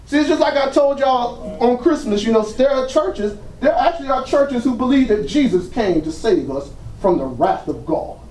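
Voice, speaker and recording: An older male pastor preaching a sermon with fervent call-and-response. His voice runs high for a man and swings widely in pitch. He punctuates his points with cries of praise. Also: expressive, moderate pace, hardly any pauses, a little mellow.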